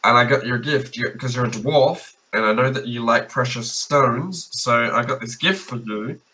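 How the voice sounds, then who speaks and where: Guy playing a little bard, stammery and sorry, bright voice. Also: medium pitch, normal speed, close to an everyday voice, rough recording. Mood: earnest. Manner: stammering, earnest, apologetic. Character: small apologetic male bard with a lute.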